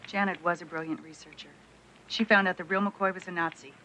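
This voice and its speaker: A sharp level-headed detective. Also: female voice, on the low side, fairly even intonation, fairly quick, slight background noise, low-quality recording. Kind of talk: 1980s TV comedy acting.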